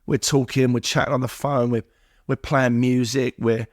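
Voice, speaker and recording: A man's voice: medium pitch, little pitch movement, moderate pace, dry recording, studio quality. A man talking as a podcast guest in an emotional, heartfelt conversation, earnest and repeating himself in rhythmic runs of words. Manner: earnest, repetitive, lists things in rhythmic runs.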